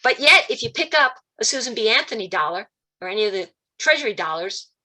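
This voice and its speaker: A woman giving a spiritual talk over a video call, telling stories and acting out quoted voices with big jumps in pitch. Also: animated, fast, bright, forceful tone. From Italian-American, Calabrese roots. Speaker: guest speaker.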